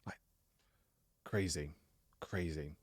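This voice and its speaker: A man hosting a podcast, telling a personal story in a casual, animated way and acting out the dialogue. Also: very deep voice, slow, breathy edge. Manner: animated, retells events by acting out quoted dialogue. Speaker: podcast host.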